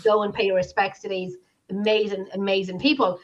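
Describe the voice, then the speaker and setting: An Irish woman chats casually over a video call, and her story runs on in emotional, restarting bursts. Her pitch sits in the middle range. The sound is dull and lo-fi. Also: little pitch movement, brisk, slight background noise. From Ireland. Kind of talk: casual chat.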